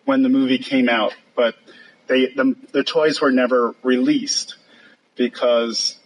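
Husky older man telling studio stories. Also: mid-range voice, measured pace, low-quality recording. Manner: lively storyteller who mimics others and laughs often. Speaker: guest puppet sculptor. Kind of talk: anecdotal talk over slides.

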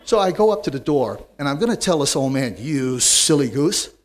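A man telling his recovery story to a live audience in a wry, animated way, swinging from loud to hushed. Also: a little high, quick pace. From United States.

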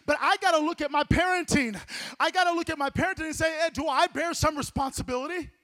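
Fervent high-voiced male preacher. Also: fast. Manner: fervent preaching that builds to shouting, with repeated words. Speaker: pastor. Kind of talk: sermon.

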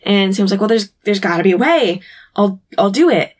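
A woman co-hosting a casual podcast, retelling a TV episode and acting out the characters' lines in quick voices. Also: mid-range voice, lively intonation, a little mellow. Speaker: podcast co-host recapping an episode. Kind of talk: casual chat.

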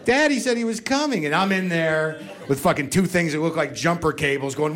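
Man, stand-up comedy, ranting, self-mocking, somewhat high voice. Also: lively intonation, brisk. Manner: ranting, self-mocking, swings between mutter and shout.

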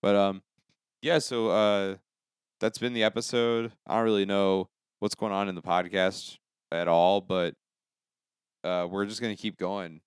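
A man's voice: on the low side, fairly even intonation, unhurried, clean tone, no room sound, clean studio sound. A man co-hosting a podcast, chatting casually late at night in a rambling, laid-back way with easy swearing, into a microphone at a home setup. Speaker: podcast co-host.

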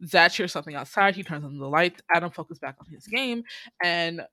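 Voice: mid-range voice, expressive, fairly quick, sharp tone, no room sound. A podcast host giving a casual, chatty recap of a movie, full of fillers and laughing through the story.

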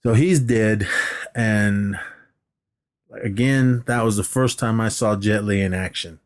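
Speaking slowly in a lowish voice, this man co-hosts a podcast and casually recaps a movie one scene at a time. The retelling is animated, with lines acted out, plenty of swearing, and frequent laughs.

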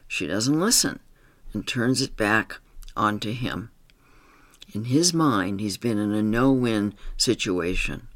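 A man working as a therapist, reading aloud a written story about a client in a calm, measured, explanatory way. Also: medium pitch, no echo.

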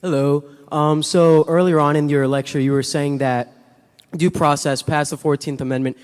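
A man in the audience asking a question hesitantly, full of pauses, his voice partly gone. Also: on the high side, steady tone. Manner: hesitant, many fillers. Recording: reverberant hall mic.

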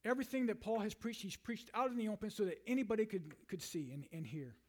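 High-voiced preacher man, chatty sermon. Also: fast talker. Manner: conversational, repeats words and restarts, many "you know"s; reads scripture aloud and paraphrases it in a lively way. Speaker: pastor.

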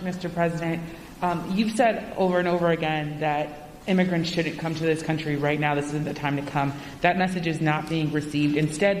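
A woman's voice: low-pitched, a little mellow. A woman reporter asking a long, formal question at a press conference. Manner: measured, formal. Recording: roomy clip from a reverberant hall with faint noise.

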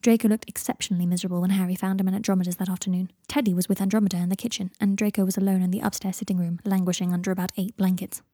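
Woman reading a story, soft breathy voice, mellow and close. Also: mid-range voice, little pitch movement, rapid-fire, hardly any pauses, dry recording. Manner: soft voice, dropping into whispers for narration tags. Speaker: fan fiction reader. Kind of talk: audiobook narration.

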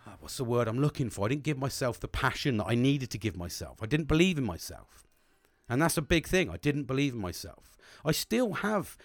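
Halting, swearing man. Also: medium pitch, no room sound. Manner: halting, repeats words, swears often. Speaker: vlogger. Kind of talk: candid personal monologue.

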